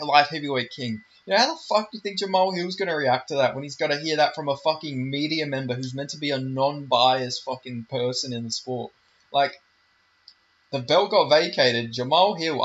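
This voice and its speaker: A man's voice: on the high side, a bit bright, dull audio, a little hiss or hum. A man giving a heated, profane casual rant about fighters, full of fillers and swearing. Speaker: MMA commentary YouTuber.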